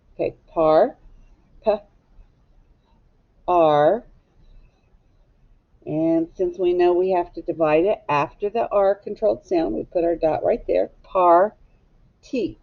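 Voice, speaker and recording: A woman's voice: lowish voice, creaky. A woman teacher leading a recorded phonics lesson for young students, speaking patiently and asking them to echo words back. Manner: slow, patient, asks pupils to echo words. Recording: slightly dull, lo-fi recording.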